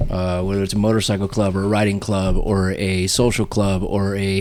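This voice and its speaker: A man's voice: fairly low pitch, fairly even intonation, fairly quick, hardly any pauses, a little mellow, a little hiss or hum. A man hosting a casual podcast, earnestly breaking down his points about friendship. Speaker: podcast host.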